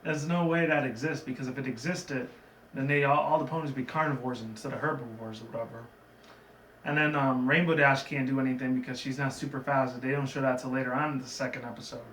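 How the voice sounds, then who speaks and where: A man's voice: medium pitch, fairly even intonation, fast talker, fairly bright tone. A man casually recapping a cartoon episode in a chatty, digressive way, with lots of fillers. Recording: roomy, from a distant mic, faint background noise.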